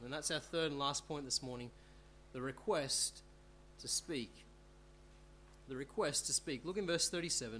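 A man's voice: fairly high pitch, bright, forceful tone. A man preaching a Bible sermon, reading verses aloud and asking rhetorical questions. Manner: earnest, rhetorical tag questions. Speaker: pastor. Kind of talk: expository sermon.

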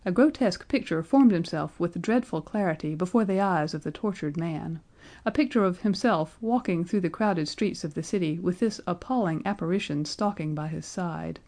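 A woman narrating a classic story in a measured, composed reading style. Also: fairly low pitch, a little mellow.

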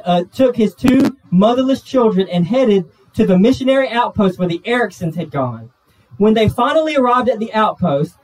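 A male pastor with a Southern US accent, telling a story in a sermon, earnest and slowing down, dropping low at the emotional moments. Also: darkish tone. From Georgia, US. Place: church sanctuary. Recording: voice from a distance off the pulpit mic.

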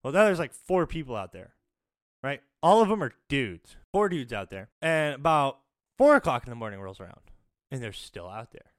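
A man's voice: medium pitch, big pitch swings, moderate pace. A man telling a profane story in casual podcast chat, laughing through the punchlines.

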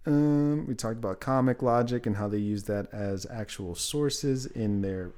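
A man's voice: medium pitch, a little slow, a little mellow, clean tone. A man co-hosting a casual movie review podcast, joking and acting out mock quotes between fillers. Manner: jokey, acts out mock quotes, trails off with fillers. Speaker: podcast co-host.

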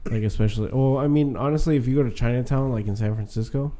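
A man with a mellow, warm tone chatting loosely with his buddies. His talk is slangy and full of swearing, and he tells stories in a rambling way. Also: mid-range voice, fast. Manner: slangy, profane, rambling storyteller. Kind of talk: casual crude chat among friends.

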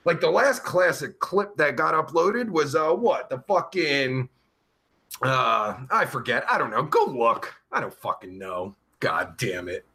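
A man's voice: medium pitch, very animated, a little slow, pushed and bright, heavily acted. A man playing a crude, foul-mouthed pervert character who hosts a comedy live stream, rambling and swearing constantly. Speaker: host.

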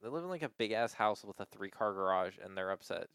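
A man with a low, smooth voice tells a story in casual conversation. He sounds animated and says "like" constantly. The sound is dry and close. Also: fast, dry recording. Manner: animated storyteller, acts out quoted people in high voices, heavy use of "like". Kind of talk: casual chat.

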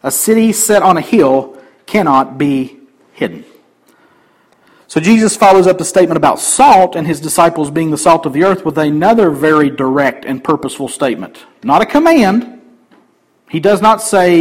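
A man preaching a sermon, swinging between emphatic raised passages and quiet conversational asides. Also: fairly high pitch, expressive, moderate pace, husky, poor audio. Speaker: pastor.

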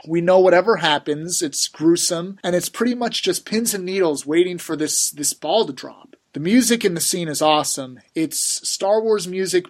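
Keen, slightly higher-voiced male podcaster. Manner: enthusiastic, opinionated, joking. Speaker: podcast co-host. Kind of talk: casual movie discussion.

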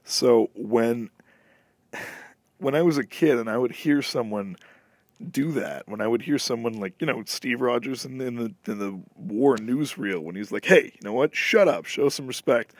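Brief: young adult male host, profane rant storyteller, mid-pitched, dry close mic. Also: a little slow, dry recording. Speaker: podcast host. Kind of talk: casual chat.

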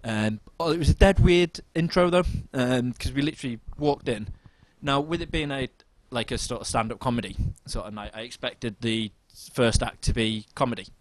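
A man's voice: medium pitch, normal speed, hardly any pauses, slight background noise. A young man co-hosting a podcast, chatting casually and rambling with lots of ums and self-mocking asides. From United Kingdom. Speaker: podcast co-host. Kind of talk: casual chat.

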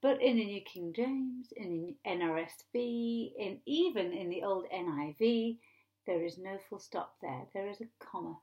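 A woman's voice: medium pitch, normal speed, lo-fi sound. Conversational woman pastor preaching. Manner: conversational, animated storytelling. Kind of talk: sermon.

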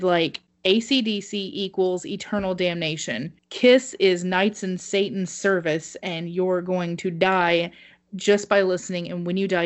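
Animated storytelling woman who swears. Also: medium pitch. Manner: animated, swears freely, laughs at herself. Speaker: podcast co-host. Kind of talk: casual storytelling.

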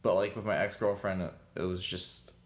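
A man's voice: sits low, flat delivery, normal speed. A young man chatting casually as a podcast co-host, rambling with lots of fillers and frequent laughs. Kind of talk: casual chat.

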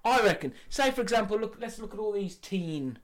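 A man, co-hosting a podcast in casual banter, an animated storyteller who swears freely. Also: high voice, brisk. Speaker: podcast co-host.

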